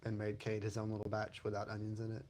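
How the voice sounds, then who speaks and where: A man's voice: lowish voice, monotone, fast talker, darkish tone. A man co-hosting a casual podcast, talking in a dry, matter-of-fact way. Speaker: podcast co-host.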